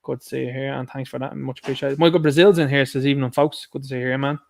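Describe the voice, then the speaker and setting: A man's voice: mid-range voice, fairly even intonation, very fast, gravelly. A man hosting a livestream, chatting casually and reading out viewers' comments and answering them. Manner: chatty, talks back to chat comments. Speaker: livestream host.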